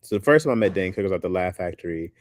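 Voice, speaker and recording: Low-voiced man, loose casual chat. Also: rapid-fire, dry recording, studio quality. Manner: loose and animated, says "bro" often. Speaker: streamer chatting with viewers.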